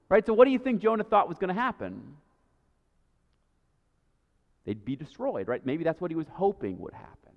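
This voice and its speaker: Pastor delivering a sermon, high voice, chatty, keeps asking "right?", in a dull, echoing church recording. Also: male voice, very animated, normal speed, pauses often. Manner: conversational preaching, often asks "right?". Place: church sanctuary. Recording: dull sound with long church reverb.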